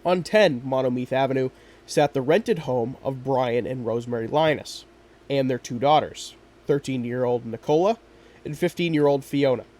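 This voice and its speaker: Man narrating a true crime podcast. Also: medium pitch. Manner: steady, measured storytelling with quoted lines. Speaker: podcast host.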